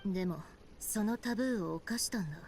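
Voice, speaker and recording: A woman's voice: medium pitch, racing, a little mellow, a little hiss or hum, natural voice. An actress voicing an earnest, serious young woman in a video game, talking with urgency and worry. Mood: worried. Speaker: game character. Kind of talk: Japanese video game voice acting.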